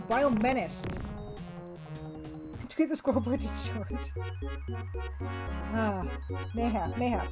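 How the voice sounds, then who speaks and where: A woman's voice: fairly high pitch, a little mellow, low-quality recording. A woman streamer chatting casually and laughing often as she plays a retro game, reading its text aloud. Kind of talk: casual live-stream chat while playing a retro game.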